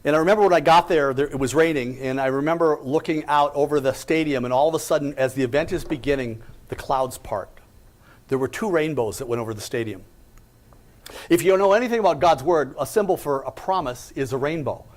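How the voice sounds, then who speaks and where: With a slightly high voice and a brisk pace, this company president from the United States gives an inspirational speech. He tells his own story and asks emphatic rhetorical questions along the way.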